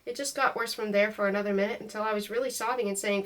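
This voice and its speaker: A woman reading a first-person novel aloud in an expressive, emotional way. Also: medium pitch, quick pace, rough recording. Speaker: audiobook reader.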